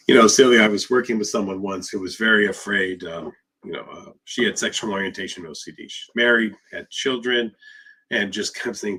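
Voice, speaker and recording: Husky-voiced male therapist talking frankly. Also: on the low side, a little fast, bright, forceful tone. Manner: emphatic, conversational, rhetorical questions. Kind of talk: live Q&A talk.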